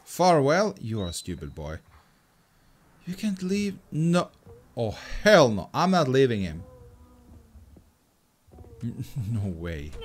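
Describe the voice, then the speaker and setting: A man hosting a let's-play, reacting excitably, swearing casually and chattering to the creature in the game. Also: medium pitch, takes it slowly, long pauses. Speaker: gaming channel host.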